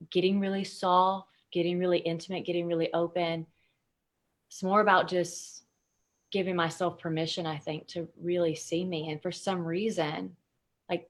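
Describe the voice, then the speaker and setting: A woman speaking as a podcast guest, telling personal stories candidly, emotional, with plenty of fillers and free swearing. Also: lowish voice. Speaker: podcast guest, intuitive consultant. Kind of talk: candid conversational storytelling.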